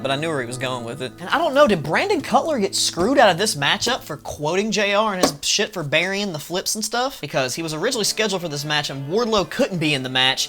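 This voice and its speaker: A man hosting a casual wrestling recap, profane and animated, laughing often and mimicking wrestlers in quick bursts. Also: high-pitched. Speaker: wrestling review host.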